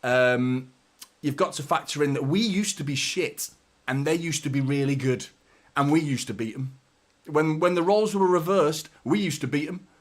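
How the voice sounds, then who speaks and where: A man hosts a football fan stream in a loose, excitable chat that rambles from point to point. He swears casually and speaks in a fairly high voice. The delivery is relaxed and conversational throughout. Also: moderate pace.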